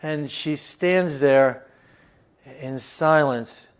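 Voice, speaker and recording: A man, the pastor, preaching a sermon in a storytelling way, with frequent fillers, moving into a soft, earnest appeal. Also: a little high, drawn-out words, clear, resonant tone.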